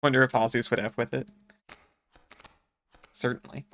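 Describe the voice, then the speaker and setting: A man's voice: mid-range voice, flat delivery, normal speed, fairly bright tone. A man casually commenting on a video game as a streamer, joking and chatting with viewers.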